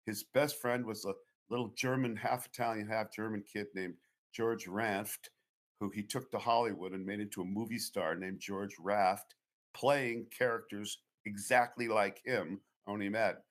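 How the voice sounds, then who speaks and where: Low-voiced man spinning long anecdotes. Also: fairly even intonation, normal speed. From Boston area, USA. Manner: anecdotal, digressive. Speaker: guest author. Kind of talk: storytelling interview talk.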